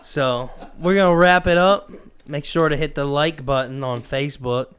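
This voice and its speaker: A man with a fairly high, smooth voice co-hosting a casual podcast. He teases his partner and eagerly repeats his requests. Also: moderate pace, a bit bright. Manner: eager, repetitive, teasing. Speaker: podcast co-host. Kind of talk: casual chat.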